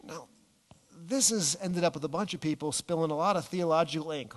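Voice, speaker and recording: A man preaching a sermon, animated, dropping his voice low and slowing down on key words. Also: in a large hall. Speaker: pastor.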